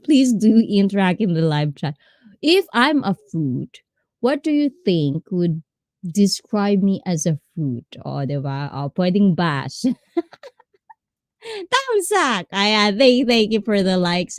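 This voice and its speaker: A woman's voice: medium pitch, expressive, unhurried, no echo. A woman with a Filipino accent hosting a casual livestream, reading chat aloud and laughing often. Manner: switches between English and Tagalog, reads chat aloud, laughs often. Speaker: livestream host, personal trainer.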